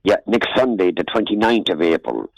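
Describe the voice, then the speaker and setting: A man's voice: low voice, sing-song, normal speed, vocal fry, no room sound, rough recording. An older Irish man chatting on local radio in a rambling, folksy way, often calling the host "friend". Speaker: regular radio contributor. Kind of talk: casual local news chat. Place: radio studio or phone-in.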